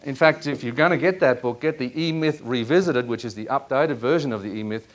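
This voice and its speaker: A man leading a live workshop in a seminar room, asking audience members lively questions. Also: medium pitch, fairly quick. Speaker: workshop presenter.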